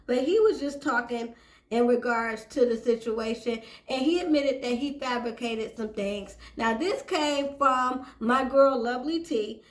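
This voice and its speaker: A woman hosting a celebrity gossip channel, casually reading out a news story and giving her opinions, sometimes stumbling over the words. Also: a little high. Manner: chatty, opinionated, stumbles while reading aloud. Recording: echoey room.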